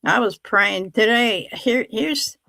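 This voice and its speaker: A woman hosting a casual faith chat on a livestream, telling animated stories, acting out what others said and laughing often. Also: a little high, slow, gravelly, no room sound. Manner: animated storytelling, acts out quoted voices, laughs often. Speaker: livestream host.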